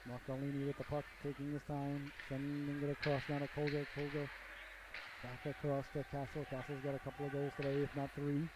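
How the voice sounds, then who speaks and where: A man's voice: on the high side, completely flat delivery, a little fast. A man doing play-by-play for a hockey game, with folksy jokes and frequent asides to the audience. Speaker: play-by-play commentator. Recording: noisy amateur broadcast audio.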